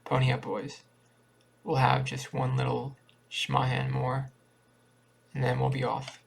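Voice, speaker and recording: A man's voice: medium pitch, fairly even intonation, a little slow, creaky, a little hiss or hum. A man reading as a jovial pub drinking buddy. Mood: jolly.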